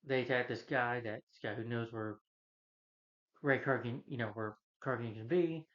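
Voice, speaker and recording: Casual male film reviewer, mid-pitched voice, rambling plot recap full of fillers, slightly dull lo-fi sound. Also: steady tone, moderate pace, a bit bright. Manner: loose, meandering retelling with many fillers.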